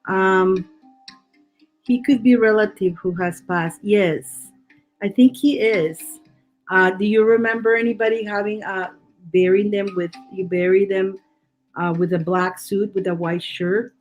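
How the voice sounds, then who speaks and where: Woman reading tarot on a live stream, comforting, rambly, lots of restarts, soft music under her. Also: medium pitch, fairly even intonation, unhurried. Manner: reassuring, chatty, many restarts and repeated words. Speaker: tarot reader.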